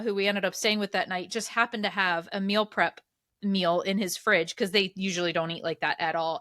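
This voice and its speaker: Animated bright-voiced woman. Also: on the low side, no echo, studio quality. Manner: animated, rambling, self-mocking. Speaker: podcast co-host. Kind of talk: casual chat, storytelling.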